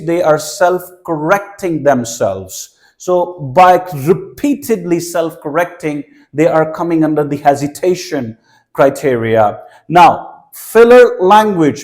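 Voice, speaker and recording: High-voiced man explaining exam criteria. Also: a little mellow. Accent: Pakistani. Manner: explanatory, repeats words while searching for phrasing. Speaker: exam tutor. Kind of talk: teaching lecture.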